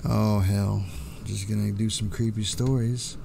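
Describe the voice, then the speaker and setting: A hoarse man, hosting a casual live stream and greeting chatters by name in a laid-back way. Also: on the low side, little pitch movement, measured pace, noisy background. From Texas. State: hoarse, voice going out.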